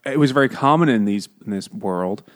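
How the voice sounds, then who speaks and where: A man chatting casually about a book as a podcast co-host, emphatic and animated, slipping into mock voices to act out quotes. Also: lowish voice, fairly quick. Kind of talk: casual chat.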